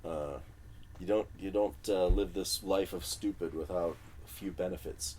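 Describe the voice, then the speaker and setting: A man's voice: deep voice, moderate pace, a little hiss or hum. A man from Illinois, a music producer and guest, telling stories in a casual interview and acting out the quotes in them. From Illinois, USA. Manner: animated storyteller who acts out quotes. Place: recording studio.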